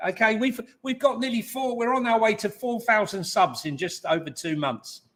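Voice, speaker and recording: Man, slightly high pitch, blunt jokey banter, live match reactions. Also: moderate pace, fairly bright tone. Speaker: co-host. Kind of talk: casual live watch-along chat.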